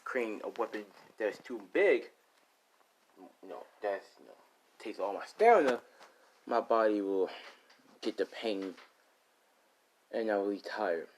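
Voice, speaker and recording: A man's voice: lowish voice, expressive, measured pace, pauses often, a little hiss or hum, low-quality recording. A man voicing a polite teenage boy who explains himself hesitantly. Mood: earnest. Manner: hesitant, rambling, mild.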